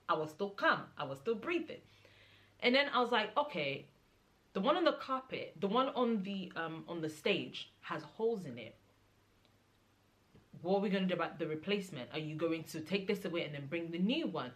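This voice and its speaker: A young adult woman vlogger telling a casual story, animated and mimicking the people in it, rising to exasperated high-pitched outbursts. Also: fairly quick. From Nigeria.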